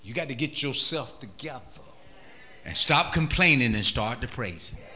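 A man preaching a sermon, exhorting the congregation and mimicking voices. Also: normal speed. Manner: animated, exhorting, mimics voices in high pitch.

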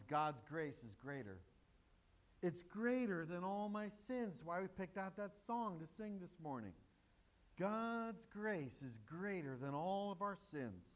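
High-voiced, slow-paced man preaching. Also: a bit bright. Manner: emphatic, joking asides to the congregation. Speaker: pastor. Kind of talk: sermon.

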